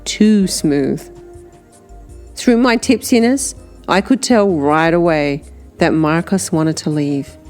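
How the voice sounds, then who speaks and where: A woman narrating an audiobook in the first person, unhurried, sometimes dropping to a breathy whisper. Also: sits low, darkish tone, faint music behind.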